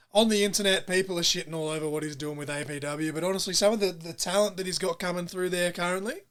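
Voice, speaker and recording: A man co-hosting a casual podcast interview, animated and acting out quotes loudly. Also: fairly high pitch. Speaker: podcast co-host.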